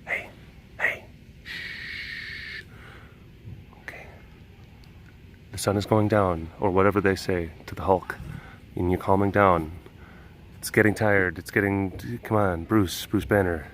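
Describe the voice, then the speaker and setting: A man vlogging outdoors by animal enclosures, telling stories with a laugh and then talking softly to calm a big cat. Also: sits low, takes it slowly, pauses often, slight background noise. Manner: rambling, laughing storyteller who shifts to hushed coaxing talk with a big cat. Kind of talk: casual vlog chat.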